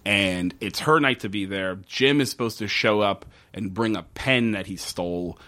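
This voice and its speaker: A man casually recapping a TV episode with a co-host, animated and profane, acting out the characters' lines. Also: lowish voice, moderate pace. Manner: profane, wry. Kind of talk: casual chat.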